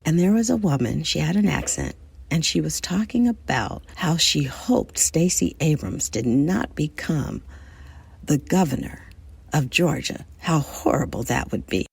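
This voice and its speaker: A woman from the United States hosting a podcast, speaking in a thoughtful, measured solo monologue and addressing her listeners directly. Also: low-pitched, animated, gravelly, darkish tone, slightly rough. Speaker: podcast host.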